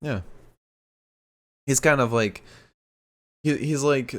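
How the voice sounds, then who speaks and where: A man's voice: mid-range voice, takes it slowly. A man co-hosting a podcast in loose, laughing chat, saying "like" often and swearing casually. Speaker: podcast co-host.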